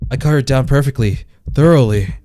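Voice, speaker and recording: A man's voice: medium pitch, fairly quick, dark tone, slight background noise. A man reading a visual novel aloud in a dramatic voice, breaking off with laughing reactions, game music behind him. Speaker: let's play streamer.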